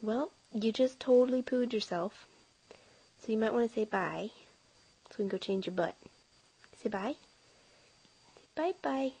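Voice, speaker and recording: A woman's voice: on the high side, unhurried, long pauses, mellow, slightly rough. A young mother at home, cooing teasing sing-song baby talk to her infant while filming on a handheld camera. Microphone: handheld camera mic.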